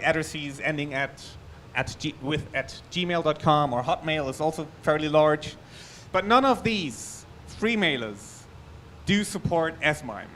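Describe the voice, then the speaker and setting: Conference speaker, German-accented man, slightly high voice, faint hiss behind. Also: fairly bright tone. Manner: loose, chatty delivery with restarts and asides. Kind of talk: technical conference talk. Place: conference hall.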